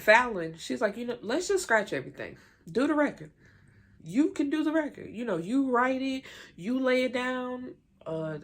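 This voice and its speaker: A woman giving a casual, opinionated recap of a TV episode, chatty and full of fillers. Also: fairly low pitch. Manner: retells scenes in quick quoted voices. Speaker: TV recap reviewer.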